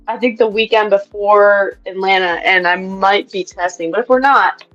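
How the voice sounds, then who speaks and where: A young woman chats excitedly, trailing off and restarting her sentences. Her voice comes through a dull, lo-fi connection, with faint music behind her. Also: mid-range voice, normal speed. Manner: excitable, uses filler words and restarts. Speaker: co-host, racer. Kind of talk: casual chat. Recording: dull lo-fi audio.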